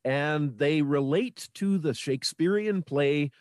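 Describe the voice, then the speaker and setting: A man's voice: on the high side, takes it slowly, a little mellow, no echo, clean studio sound. A man from Manitoba, Canada, speaking as a guest in a casual radio interview, earnest and informative with small restarts. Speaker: radio guest on local history.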